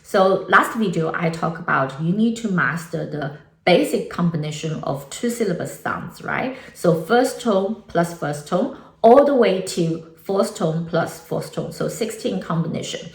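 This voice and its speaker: A woman teaches an online language lesson. Her low voice has a gravelly edge. She walks through each point patiently in an echoey room. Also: expressive, unhurried. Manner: switches between English and Mandarin, explaining tones step by step. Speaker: Mandarin teacher.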